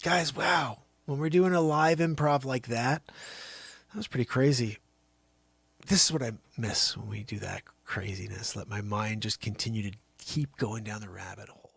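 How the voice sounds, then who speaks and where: A man's voice: medium pitch, normal speed, creaky, a bit bright, husky, no echo, studio quality. A man hosting a live stream who chats in a rambling, playful way. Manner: rambling, playful, laughs often. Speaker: livestream musician host. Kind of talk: live stream improv chat.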